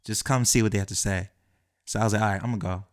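A young man animatedly telling a personal story, acting out the quoted lines of the people in it. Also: fairly low pitch. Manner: acts out quoted dialogue, quick and lively. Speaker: guest telling his story.

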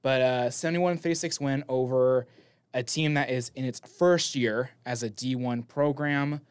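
A man's voice: mid-range voice, steady tone, normal speed, clean tone, no room sound. A young man who calls college games, chatting on a sports talk show in a rambling, upbeat way. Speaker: college sports broadcaster and podcast co-host. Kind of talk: casual sports recap chat.

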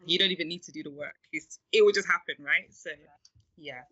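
A woman's voice: sits low, fairly quick, sharp tone, highs cut off. A woman with a London accent, a guest on a faith podcast, talking in an encouraging, preachy way and laughing often. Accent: London English. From England. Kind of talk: faith-based podcast chat.

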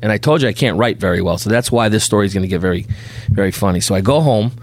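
A middle-aged New Yorker who works as a bail bondsman tells a lively anecdote as a podcast guest, talking very fast on a dry recording. He jumps into high, loud voices for the people he quotes.

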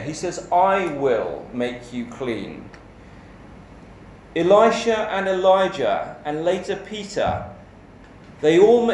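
A man preaching a sermon in a measured, emphatic way, asking rhetorical questions. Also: high voice, a little mellow, slight background noise. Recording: echoey church hall with faint ambience.

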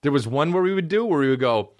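A man in his thirties hosting a podcast on his own, chatting in a rambling, profane way and breaking into high, silly voices. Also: animated, fast talker, a little mellow, no echo. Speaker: podcast host. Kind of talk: casual solo podcast chat.

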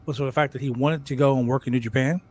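A man co-hosting a wrestling podcast in casual chat, talking in an excited, rambling way with repeated words and swearing. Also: medium pitch, quick pace, husky. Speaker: podcast co-host.

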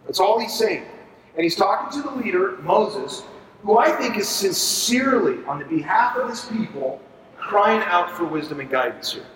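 A man leading a Bible study for ministry leaders, talking in an animated, conversational way and asking the group to agree. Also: high voice, normal speed, slight background noise. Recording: echoey room, far from mic.

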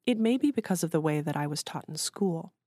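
A woman's voice: sits low, lively intonation, fairly quick, mellow, dry recording, clean studio sound. Woman reading as a prim young woman analyst. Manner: prim and matter-of-fact. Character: precise, self-assured young woman analyst.

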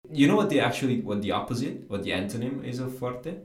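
A man's voice: medium pitch, sing-song, quick pace, reverberant. A man whose first language is Italian, patiently explaining grammar in a casual language lesson, often adding "right?" and "you know". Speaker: Italian teacher.

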